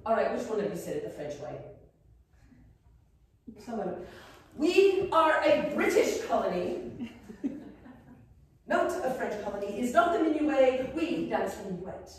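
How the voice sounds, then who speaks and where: A woman plays a colonial-style headmistress, guiding a class through bows and dance steps with genteel, prim instruction and a playful streak. Her voice is fairly high and swoops around a lot. She is heard from a distant camera in a very echoey room with a faint hum behind her. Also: very animated, measured pace, long pauses. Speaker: costumed interpretive guide playing an academy headmistress. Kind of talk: in-character living-history lesson. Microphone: far camera. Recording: echoey room, voice far from the mic.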